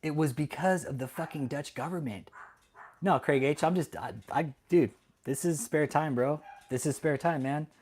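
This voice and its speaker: A man's voice: on the high side, moderate pace, a little mellow, husky. A man hosting a livestream, talking casually and heatedly to his chat, swearing a lot and often laughing. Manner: talks directly to chat viewers. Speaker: livestream host.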